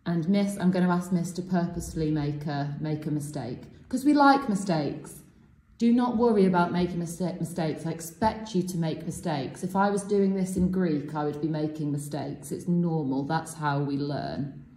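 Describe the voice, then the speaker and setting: In a classroom demonstration, a female French teacher patiently explains a self-quiz technique one step at a time and encourages her students. Her voice is low and mellow, at a moderate pace.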